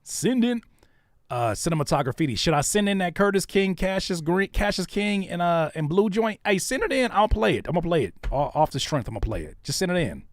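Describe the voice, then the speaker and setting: A man hosts a live stream in a high, very animated voice, moving at a brisk clip with no echo at all. He chats casually and stays laid-back, speaking straight to his viewers in the chat.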